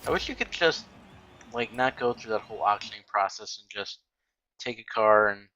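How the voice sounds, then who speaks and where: A man's voice: on the low side, expressive, moderate pace, bright, forceful tone, dull audio, a little hiss or hum. A man giving casual, rambling commentary while playing a racing game, full of ums and restarts. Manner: rambling, many fillers and restarts. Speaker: gaming YouTuber.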